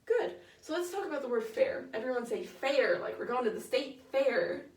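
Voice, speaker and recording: In an echoey rehearsal room, a young choir director's voice comes from a distance as she leads a women's choir, patiently encouraging the singers and explaining technique with plenty of fillers. Her voice is high and darkish in tone, with a brisk, sing-song delivery.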